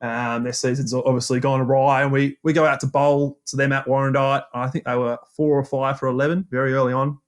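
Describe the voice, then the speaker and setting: An Australian man casually telling a cricket story on a podcast, animated, acting out his own banter. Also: medium pitch, a little fast, hardly any pauses.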